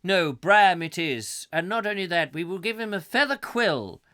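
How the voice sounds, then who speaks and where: A man's voice: sits high, expressive, moderate pace, sharp tone. A man voicing a stubborn, pompous husband in an improvised comic sketch, bluff and insistent. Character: stubborn pompous husband, set in his ways.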